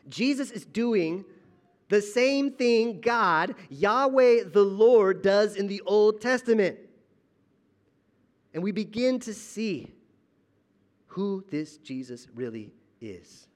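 Man pastor with a slightly high voice, preaching with dramatic loud-to-hushed swings in a church auditorium. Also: lively intonation, normal speed. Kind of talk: sermon.

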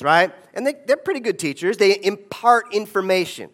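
Man telling a story, somewhat high voice. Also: lively intonation, normal speed, fairly bright tone. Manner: conversational, asks the audience "right?". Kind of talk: storytelling talk.

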